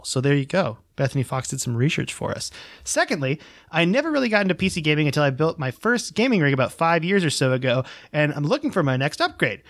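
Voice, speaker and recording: A man's voice: fairly high pitch, fairly bright tone, no room sound, clean studio sound. A man co-hosting a podcast in casual chat, rambling and self-deprecating as he reads listener emails. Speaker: podcast co-host.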